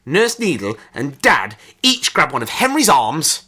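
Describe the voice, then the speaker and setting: Man, storybook reader, bright voice, very animated, dramatic. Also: on the high side, unhurried, slightly rough. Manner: expressive, dramatic. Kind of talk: children's storybook reading.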